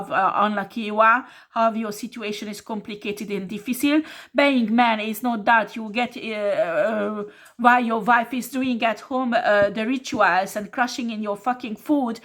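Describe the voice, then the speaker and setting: Speaking English with non-native phrasing, this woman reads tarot while scolding bluntly and swearing throughout. Her pitch sits fairly high, and her tone is fairly bright.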